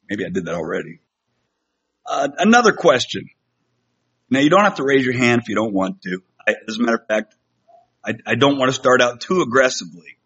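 Preacher, man, middle-aged, husky voice, easygoing self-deprecating delivery, muffled church recording. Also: medium pitch, a bit bright. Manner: conversational, self-deprecating, with many fillers and restarts. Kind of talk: sermon. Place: church sanctuary. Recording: slightly dull lo-fi sound.

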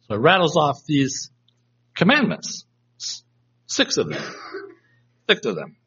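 A man's voice: on the high side, huge pitch swings, measured pace, pauses often, bright, forceful tone, slightly rough. A man teaching a Bible study class, reflective and reading verses aloud to try out different inflections, in a dull lo-fi recording. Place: room with a live class.

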